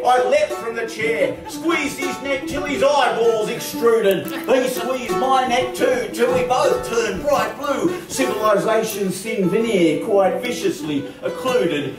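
An Australian man performing a comic bush poem live in a hall, theatrical and lively, with chuckling asides. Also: very high voice, takes it slowly. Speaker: folk club performer. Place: large hall, live concert. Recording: echoey hall, from far off, music.

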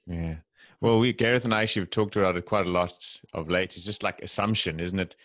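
This man co-hosts a podcast, asks his guest questions, and backs him up with quick, supportive affirmations. His voice is very deep. The recording is close and dry. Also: fairly even intonation, fairly bright tone, no room sound. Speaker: podcast co-host. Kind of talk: casual interview conversation.

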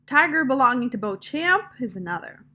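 A woman's voice: high-pitched, very animated, normal speed, bright, forceful tone, voice pushed up, full character voice. A woman voicing a plainspoken older woman who talks in folksy dialect and sets others straight firmly. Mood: stern. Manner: folksy dialect, firm and matter-of-fact.

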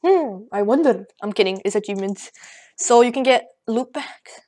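Breathless, high-voiced gamer girl. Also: normal speed. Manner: excitable, rambling, jokey. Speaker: gaming channel host. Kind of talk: casual gameplay commentary. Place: at home at a computer.

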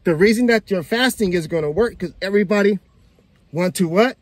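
A man hosting a casual reaction video, animated and laughing as he talks straight to his viewers. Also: sits high, brisk, no room sound. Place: outdoors in the sun.

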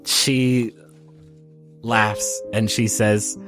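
A man narrating a tabletop game as game master, soft and emotional, with small restarts. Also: fairly low pitch, steady tone, a little slow, over music.

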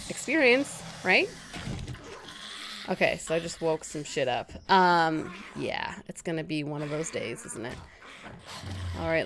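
Woman, let's-play commentary, slightly low voice, self-mocking, easily startled. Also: slight background noise. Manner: chatty and self-mocking, quickly startled into yelps. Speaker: gaming channel host.

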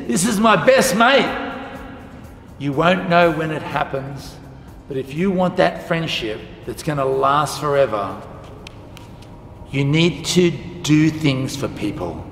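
Aussie guy teaching kids, kinda high voice, lively storytelling, echoey hall w/ soft music. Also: unhurried, gravelly. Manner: animated, acts out quoted dialogue. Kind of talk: storytelling lesson for school students.

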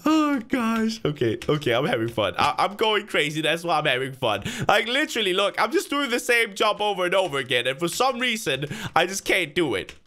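A man narrating a game session in a loose, chatty way, talking to himself as he goes. His voice is bright and forward, and it swings widely up and down. Now and then it jumps into loud yelps of frustration or triumph. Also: high voice, a little fast, few pauses. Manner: excitable, talks to himself and cheers himself on; sudden loud outbursts of frustration and joy. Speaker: gaming video creator. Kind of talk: casual let's-play commentary.

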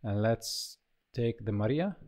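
A man walks through a choir sample library, talking casually and haltingly with many fillers and restarts. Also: on the low side, expressive, crowd noise. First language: Italian. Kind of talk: casual software walkthrough.

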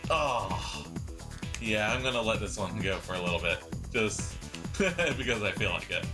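A man's voice: lowish voice, expressive, measured pace, over loud music. A man giving casual, rambling gameplay commentary, chatty and self-mocking. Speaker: let's play commentator.

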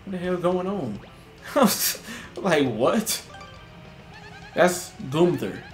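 A young man doing casual, joking let's-play commentary, reacting loudly with slang and laughter. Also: high voice, very animated, drawn-out words. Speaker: gaming streamer. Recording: roomy with music in background.

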